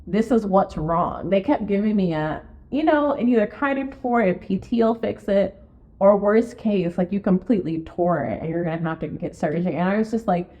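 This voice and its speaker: A woman co-hosting a podcast in casual chat, telling stories full of fillers and acting out her own quotes in a high voice. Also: lively intonation, moderate pace, dark tone. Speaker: podcast co-host, real estate marketing and sales director. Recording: dull lo-fi podcast recording.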